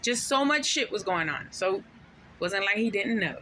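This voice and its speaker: Bright, forceful woman venting a story. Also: medium pitch, animated, normal speed, a little hiss or hum. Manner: profane, emphatic, venting; drops Spanish slang words. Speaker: vlogger telling a personal story; mother of five. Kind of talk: casual storytelling to camera.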